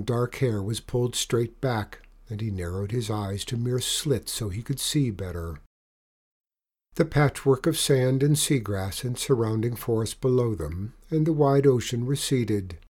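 Male storyteller, mellow tone, lively read-aloud of a children's adventure. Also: medium pitch. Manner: expressive, animated story reading.

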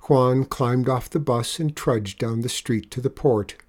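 Man gently reading a storybook. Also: mid-range voice, a little slow. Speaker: narrator.

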